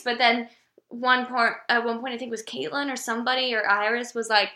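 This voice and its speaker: Podcast co-host, female, bright and forceful, lively and sweary, echoey room. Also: a little high, quick pace, slight background noise. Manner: animated, swears often, acts out quotes. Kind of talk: casual chat.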